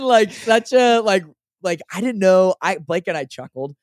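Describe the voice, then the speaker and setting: Brief: young male podcast co-host, casual storyteller, lively swinging pitch, dry close sound. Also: normal speed, no echo. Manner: animated storyteller, says dude a lot. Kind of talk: casual chat.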